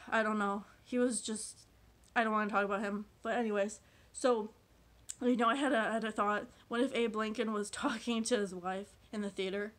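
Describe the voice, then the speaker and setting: A woman's voice: medium pitch, steady tone, normal speed, a bit bright. A woman vlogger rambling through a comedic monologue, full of filler words and frequent laughs. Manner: meandering, constant filler "like", laughs often.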